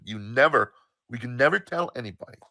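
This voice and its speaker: A man voicing his frightened, angry mother from the 1960s, sharp and insistent. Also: medium pitch, animated, fairly quick, no room sound. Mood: urgent.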